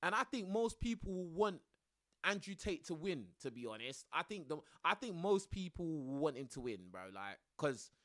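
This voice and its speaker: Young man, live streamer, lively up-and-down voice, dry close sound, casual slangy chat. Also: fairly high pitch, moderate pace, no echo. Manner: chatty, calls the chat bruv and bro.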